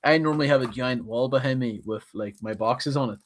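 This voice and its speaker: A man's voice: mid-range voice, a little fast. A man co-hosting a live stream, chatting casually with lots of fillers and laughs. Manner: chatty and laughing, with many likes. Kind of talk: casual chat.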